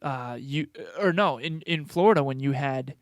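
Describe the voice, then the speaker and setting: A man's voice: mid-range voice, moderate pace, dry recording, clean studio sound. A man co-hosting a podcast in a casual, chummy way, prompting his partner with questions. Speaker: podcast co-host.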